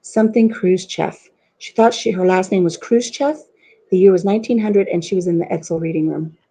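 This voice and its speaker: A chatty middle-aged woman talks straight into her webcam at home, hosting a relaxed live chat. She rambles from one story to the next and answers her viewers' comments as she goes. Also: medium pitch. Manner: chatty and rambling, reads viewer comments aloud, laughs at her own stories. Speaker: host of a live chat stream. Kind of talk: casual live-stream chat.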